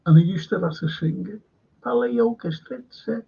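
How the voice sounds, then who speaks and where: Man, fan stream host, rambling casual chat, husky and gravelly, dull lo-fi audio. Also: high voice, fast, mellow. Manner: rambling, reads viewer comments aloud.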